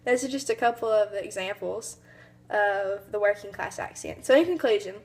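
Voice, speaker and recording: A young woman from the American South presents an informative speech to her class. Her Southern accent colors the talk, and she hesitates often with ums. Her voice sits at an ordinary middle pitch. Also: moderate pace. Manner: hesitant, many fillers, mimics accents briefly. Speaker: student giving a speech.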